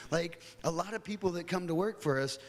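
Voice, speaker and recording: A man's voice: high-pitched, brisk, in a large hall. A middle-aged American man giving a casual, chatty conference talk, telling stories with plenty of fillers. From United States. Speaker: guest speaker. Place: hotel conference hall.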